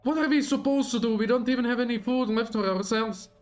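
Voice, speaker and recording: On a livestream, a man reads a game story aloud, voicing a village farmer who is nervous and defensive. The character comes out high-pitched, agitated and blustering, spoken at a quick pace. Soft music plays in the background.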